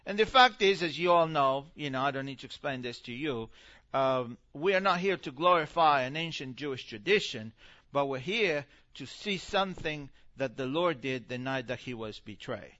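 A man's voice: medium pitch, animated, moderate pace, bright, forceful tone, highs cut off. A man giving a chatty church presentation as a missionary speaker, full of fillers and acted-out quotes.

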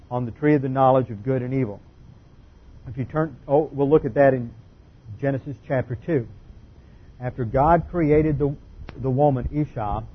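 A man teaching a sermon-style Bible lecture, deliberate and emphatic, stressing key words. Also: mid-range voice, slightly rough. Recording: muffled lo-fi recording.

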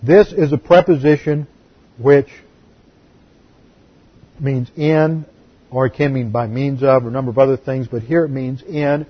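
A man, a pastor, teaching a Bible class in a deliberate, explanatory way and repeating key words. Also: medium pitch, husky, muffled recording. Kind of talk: sermon-style Bible teaching.

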